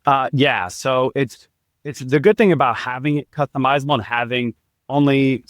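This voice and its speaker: A man's voice: mid-range voice, moderate pace, no room sound, studio quality. A man guest on a podcast, eagerly explaining his couples' dating program with everyday examples. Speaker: guest, couples' date coach. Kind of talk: explaining in an interview.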